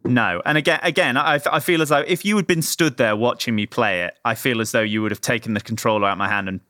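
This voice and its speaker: A man talks casually, full of fillers and restarts as he circles his point. His voice is bright and forceful. The sound is dry and close. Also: mid-range voice, fast, dry recording. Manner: rambling, many fillers and restarts. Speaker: game reviewer. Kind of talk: casual chat.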